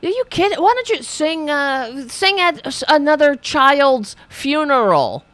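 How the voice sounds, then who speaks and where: A woman's voice: sits high, very animated, measured pace, a bit bright, dry recording. A woman hosting a political show, ranting in a profane, sarcastic, exasperated way while reading viewers' chat.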